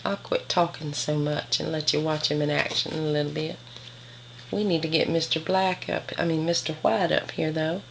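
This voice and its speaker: A woman's voice: deep voice, fairly even intonation, moderate pace, vocal fry, slight background noise. A woman filming her puppies at home on a handheld camera, cooing baby talk at them and explaining them as a breeder. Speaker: dog breeder. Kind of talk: home video narration.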